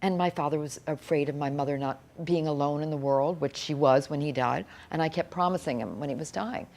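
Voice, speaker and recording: Middle-aged woman, lowish voice with some fry, earnest and halting, interview-style personal account. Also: a little mellow. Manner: earnest, halting, with frequent restarts. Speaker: author interviewee.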